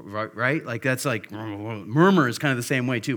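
A man's voice: medium pitch, lively intonation, normal speed, bright, forceful tone. A man preaching a sermon at a church service, earnest and conversational, repeating key phrases for emphasis. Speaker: pastor.

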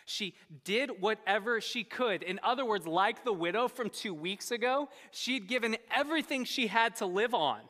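A pastor preaching a sermon with animated storytelling, often repeating words as he starts sentences. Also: normal speed, few pauses, big-room sound. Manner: animated storytelling, voices quoted speakers with big pitch jumps.

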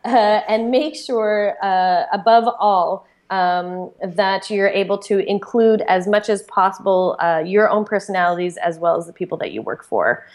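A woman's voice: medium pitch, moderate pace, hardly any pauses. A woman co-hosting a podcast, chatty and enthusiastic, with lots of filler words as she recaps. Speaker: podcast co-host. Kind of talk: casual podcast chat.

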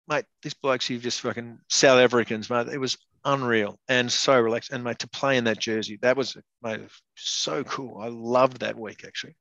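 A man's voice: medium pitch, a bit bright, dry recording, dull audio. A middle-aged man, a former rugby player, chatting bluntly and casually in an interview, swearing freely and calling everyone mate. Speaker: guest, former professional rugby player and state rugby board member.

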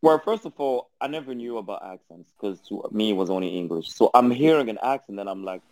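A man from Angola with a French accent, a podcast guest telling stories in an animated, laughing way with halting restarts over a remote call. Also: fairly low pitch, no echo. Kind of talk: casual storytelling chat.

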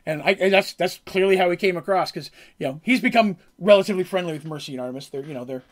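A man's voice: sits high, fast. A man casually recapping a tabletop game session as game master, rambling with fillers.

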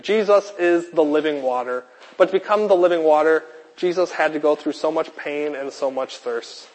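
A man's voice: a little high, moderate pace, darkish tone. A man preaching a sermon with a repetitive, emphatic cadence. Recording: long hall reverb.

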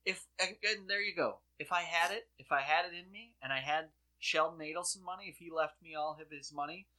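A man co-hosting a casual comedic chat, excitable and sarcastic, acting out his own reactions. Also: fairly high pitch, fairly quick. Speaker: podcast co-host.

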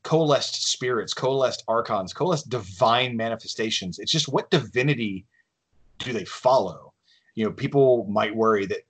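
A man's voice: mid-range voice, fairly bright tone, breathy edge. A man on a podcast enthusiastically explaining game lore, often restarting his sentences. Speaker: game designer guest. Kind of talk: casual podcast chat.

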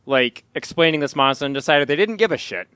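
Guy w a bright lively voice cracking jokes on a podcast, dry close sound. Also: fairly high pitch, fast, clean tone, no room sound. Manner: joking, wry asides. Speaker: podcast co-host. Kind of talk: casual chat.

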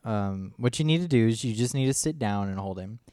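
Man, relaxed reassuring co-host; smooth voice, dry close sound. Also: fairly low pitch, a little fast, no echo. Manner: reassuring, easygoing storytelling. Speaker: podcast co-host. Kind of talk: casual chat.

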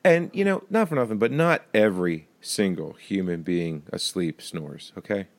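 A man with a slightly low voice is trading jokes on a podcast. His delivery is playful and offhand, and he sometimes breaks into silly mock voices. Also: expressive, moderate pace. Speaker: podcast co-host. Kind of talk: casual movie discussion.

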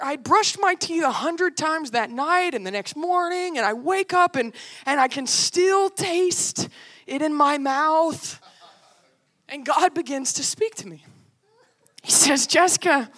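A young woman from the United States telling a story in a sermon in an animated way, acting out the quotes. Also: sits high. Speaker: preacher.

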